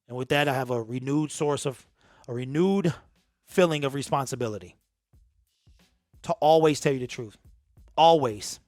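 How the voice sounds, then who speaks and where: This sports talk channel host has a medium-pitched, slightly mellow voice, speaking at normal speed with long pauses. There's no room sound, just faint music in the background, as he gives his viewers a raw, unedited monologue that is emphatic, repetitive, earnest and emotional.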